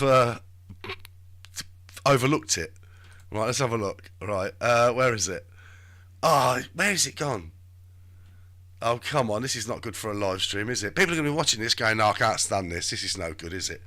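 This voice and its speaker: Male streamer, loose self-talking delivery, sharp bright voice that swings up and down. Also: medium pitch. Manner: chatty, talks to himself while searching. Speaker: live stream host. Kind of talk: rambling live stream commentary.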